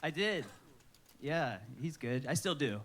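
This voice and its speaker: A man's voice: a little high, animated, unhurried, fairly bright tone, slight background noise. A man in his twenties, a comedian guest answering questions in a laid-back, giggly way, saying "dude" often. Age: 20s. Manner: laid-back stoner drawl, says dude a lot, nervous laughs. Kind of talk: casual stage interview.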